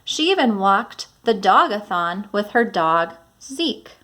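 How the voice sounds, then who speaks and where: A woman teacher reading a children's chapter book aloud and explaining predictions and punctuation in a clear, instructive way. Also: mid-range voice, sing-song, takes it slowly, fairly bright tone.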